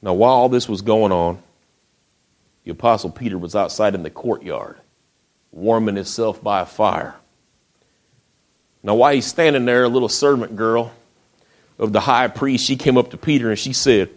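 A man preaching a sermon, retelling the story in a folksy way with acted quotes, often dropping to a hush. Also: fairly low pitch, normal speed, pauses often.

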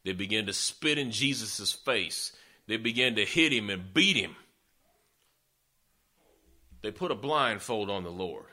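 A man's voice: on the low side, expressive, a little slow, long pauses, pushed and bright. A man preaching a sermon, retelling scripture in a folksy, conversational way with sarcastic asides. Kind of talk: sermon storytelling.

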